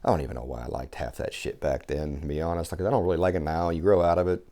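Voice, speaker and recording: A man, a survival instructor guesting on a podcast, telling casual stories from his youth in an animated way, swearing freely and acting out the people he quotes. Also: rumbling low, fast talker. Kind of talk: casual storytelling chat.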